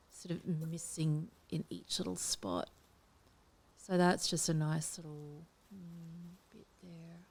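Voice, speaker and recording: Slow, gravelly-voiced woman muttering over gameplay. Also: on the low side. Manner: drifts between murmuring and whispering to herself. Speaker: game build tutorial host. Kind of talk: casual gameplay commentary.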